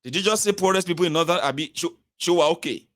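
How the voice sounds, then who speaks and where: Brief: Nigerian male commentator, Pidgin-inflected accent, mocking satirical rant, fairly high voice, bursts of loud outrage then quiet asides. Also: fast. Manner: animated, mocking, swings between loud rants and low mutters. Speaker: political commentator. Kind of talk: satirical political monologue.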